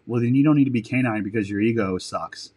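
A fast-talking man with a warm, mid-range voice tells stories as a podcast guest. He's a military dog handler in a casual interview, rambling, swearing offhandedly and correcting himself mid-sentence.

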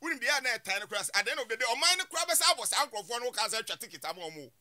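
A man talking casually in a panel discussion, animated and repeating points for emphasis. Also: very high-pitched, racing, no room sound.

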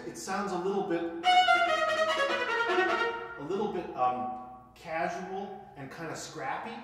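A man teaching viola, calling out counts, accents and dynamics as he demonstrates, then explaining calmly. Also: a little high. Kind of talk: instructional music lesson. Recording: echoey room with viola playing. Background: viola playing.

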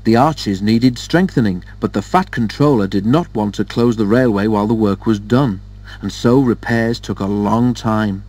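A man narrating a children's railway story in a steady, measured storytelling voice. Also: on the low side. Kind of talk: storybook reading.

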